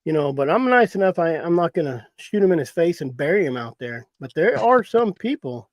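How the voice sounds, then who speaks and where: Middle-aged man, folksy rambling storyteller, slightly high voice, dry close sound. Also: big pitch swings, fairly quick, dry recording. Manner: rambling, folksy, laughs at his own story. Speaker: hunting guide. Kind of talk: casual storytelling.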